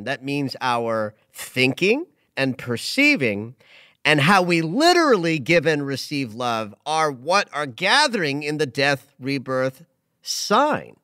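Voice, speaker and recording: A man hosting a relaxed astrology conversation, speaking with a somewhat high voice and a very lively melody. He gets emotional and often restarts mid-sentence. The sound is dry and close. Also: dry recording. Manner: animated and emotional, with frequent restarts. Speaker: astrologer host. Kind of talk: casual spiritual chat.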